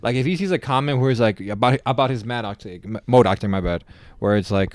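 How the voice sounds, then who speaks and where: A fast-talking man with a lowish voice, co-hosting a casual podcast and chiming in with quick agreement. The recording is dry and close. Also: steady tone, no room sound. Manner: supportive, quick backchannel replies. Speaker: podcast co-host.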